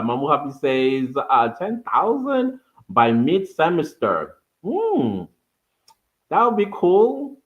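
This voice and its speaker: A man hosting a casual livestream, animated and laughing often as he thanks his viewers by name. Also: a little high, phone-quality sound. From South Africa. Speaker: livestream host.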